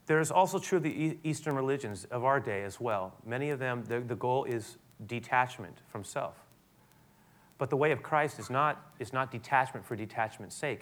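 A man preaching a sermon, animated, building to loud emphatic peaks and dropping to soft tones, often restarting his sentences. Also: medium pitch. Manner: frequent restarts and repetitions. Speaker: pastor.

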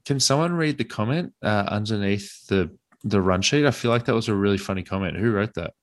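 A man's voice: on the low side, lively intonation, fairly quick. A man with an Australian accent hosting a casual late-night podcast chat, joking and laughing often. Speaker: podcast host.

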